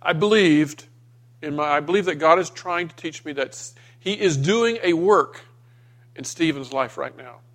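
Man, middle-aged, pastor, sermon, slightly high voice, emotional storytelling. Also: normal speed, fairly bright tone. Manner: storytelling, emotional, rising in pitch when voicing himself in the dream.

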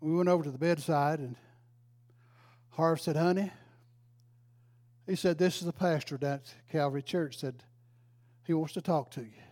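A man's voice: a little high, moderate pace, long pauses, a little mellow. Folksy older preacher man. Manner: folksy, emotional, exclaims praise. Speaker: retired pastor. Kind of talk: storytelling sermon.

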